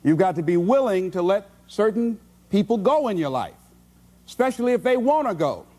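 Man, motivational speaker, high voice, swoops up and down, emphatic, repeats for effect. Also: big pitch swings, moderate pace, dark tone. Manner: emphatic, preacherly repetition. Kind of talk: motivational speech.

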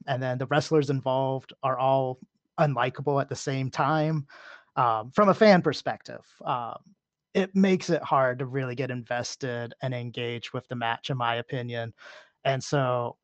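A man who is a podcast guest, chatting casually in a measured way and thinking aloud with lots of ums. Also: mid-range voice, no echo, muffled recording. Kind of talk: casual chat.

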